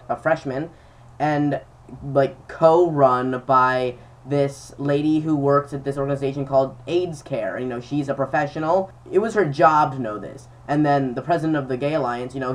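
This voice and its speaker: A man's voice: medium pitch, far from the mic. A young man in casual chat to camera, telling stories with lots of fillers. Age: young adult. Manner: chatty storytelling with many fillers. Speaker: vlogger.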